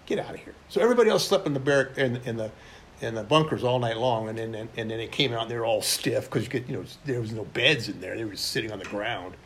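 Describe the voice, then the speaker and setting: A man's voice: mid-range voice, fast talker, a bit bright, a little hiss or hum. Older man telling war stories. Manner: rambling and blunt, with frequent restarts. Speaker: military veteran interviewee. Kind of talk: oral history storytelling.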